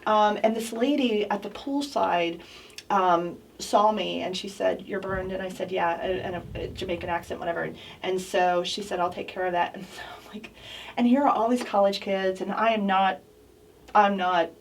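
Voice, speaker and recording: A woman's voice: mid-range voice, moderate pace, vocal fry, a little hiss or hum. Chatty woman telling a story, slightly distant. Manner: chatty storyteller, animated with laughter. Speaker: co-host. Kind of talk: casual chat. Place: office studio, indoors.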